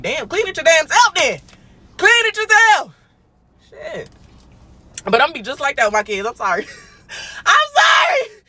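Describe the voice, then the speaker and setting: A young woman chats on her livestream in a bright, forceful voice, blunt and full of swearing. She swings from loud to hushed and back as she talks. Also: lowish voice, breathy edge. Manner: blunt and profane, with swings between loud and quiet. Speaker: livestream host. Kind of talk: casual livestream chat.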